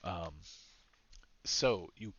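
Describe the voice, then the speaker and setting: A man's voice: sits low, very slow, fairly bright tone, slightly rough, muffled recording. A man narrating as game master in a rambling, self-deprecating way, laughing often.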